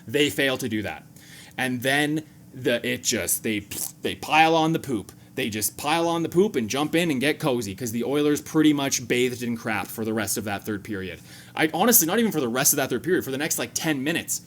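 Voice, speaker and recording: A man hosting a sports fan reaction video. He breaks down the game casually and jokingly, with sudden animated jumps. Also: mid-range voice, fairly quick, slight background noise.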